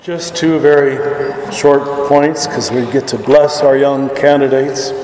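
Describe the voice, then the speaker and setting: A man, a priest, reading the gospel and preaching a homily in a measured, deliberate way. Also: medium pitch, steady tone, darkish tone, slight background noise. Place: church. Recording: long church reverb.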